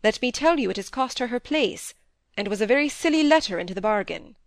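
A woman's voice: a little high, lively intonation, fast, no echo. A woman reading aloud as a dry-witted, stern middle-aged male country doctor in a storybook. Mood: wry. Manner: wry, then sternly lecturing.

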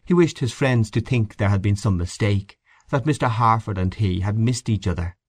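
A man narrating literary fiction for an audiobook in a measured, expressive manner. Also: lowish voice, no echo, studio quality.

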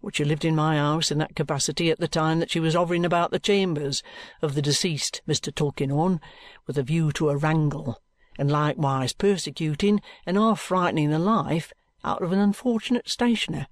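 Male reader as a calm, patronising detective: deliberate and firm, fairly high voice, dry recording. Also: no echo, natural voice. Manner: cool, deliberate and coaxing.

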